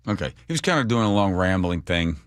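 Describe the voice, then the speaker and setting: Deep-voiced wry radio host. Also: male voice, fast, no room sound, studio quality. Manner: wry, animated, sarcastic asides. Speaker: radio talk show host. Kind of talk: casual talk radio commentary.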